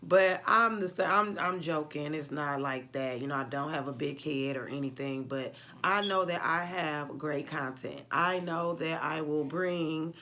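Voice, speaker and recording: Chatty woman vlogger, lowish voice. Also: unhurried, few pauses, pushed and bright. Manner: chatty, laughs often, acts out quotes of others. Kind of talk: casual chat to camera.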